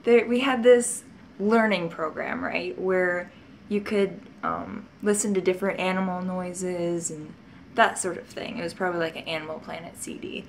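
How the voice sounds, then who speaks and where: A woman's voice: fairly low pitch, fairly even intonation, normal speed, a little hiss or hum. A woman vlogger telling childhood stories in a casual, rambling way, often laughing and adding asides. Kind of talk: casual storytelling to camera.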